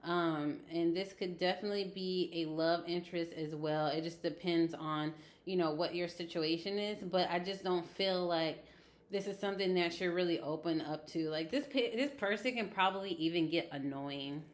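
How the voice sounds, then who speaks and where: A woman's voice: on the low side, normal speed. A woman giving a casual tarot reading, chatty and blunt, with frequent laughs and swearing. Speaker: tarot reader.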